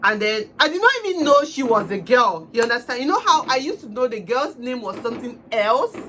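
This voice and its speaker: A woman's voice: on the high side, very animated, brisk, a little hiss or hum. Emotional woman telling a story. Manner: emotional, swinging from soft murmurs to loud outbursts. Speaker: vlogger. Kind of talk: casual storytime chat.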